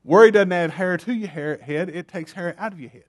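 A man's voice: high voice, brisk. A man preaching a sermon, emphatic and repetitive, firing rhetorical questions at his congregation.

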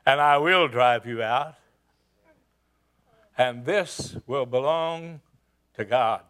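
A man's voice: medium pitch, slow, a bit bright, voice pushed down. A man preaching, voicing a fierce young shepherd boy who hollers challenges at his enemies. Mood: solemn vow.

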